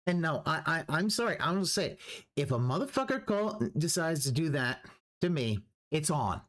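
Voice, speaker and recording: A man's voice: a little high, sing-song, normal speed, fairly bright tone. A man streaming a reaction, ranting profanely and restarting his sentences as he goes. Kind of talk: livestream reaction commentary.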